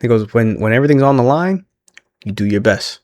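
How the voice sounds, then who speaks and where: A man's voice: mid-range voice, animated, brisk, darkish tone, dry recording, studio quality. A man casually recapping a wrestling show on his own, chatty and laughing often as he acts out what the wrestlers said.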